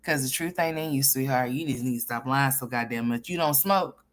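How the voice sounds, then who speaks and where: A woman hosting a reaction commentary, talking in a sassy, scolding way with drawn-out emphasis. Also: very deep voice. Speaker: commentary channel host.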